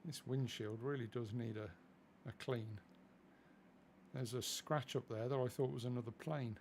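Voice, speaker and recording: A man's voice: mid-range voice, steady tone, moderate pace, a little mellow, a little hiss or hum. Chatty, easily distracted man streaming a flight sim. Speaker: streamer playing a flight simulator. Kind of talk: casual live-stream commentary.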